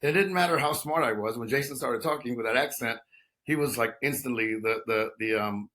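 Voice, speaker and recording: A man's voice: medium pitch, fairly quick, bright, forceful tone. Talkative man in his fifties. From Texas. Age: 50s. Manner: talkative, many restarts and "you know" fillers. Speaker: guest. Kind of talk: conversational interview.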